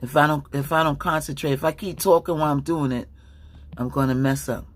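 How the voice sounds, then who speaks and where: A woman's voice: deep voice, steady tone, fairly quick, slight background noise. A woman commenting casually on a livestream, rambling and distracted, with many fillers and restarts.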